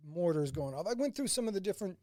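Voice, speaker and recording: High-pitched and fast, this man's voice comes through with clean studio sound and no room sound. He's a former combat medic from St. Louis, telling animated anecdotes in a casual interview and quoting others along the way.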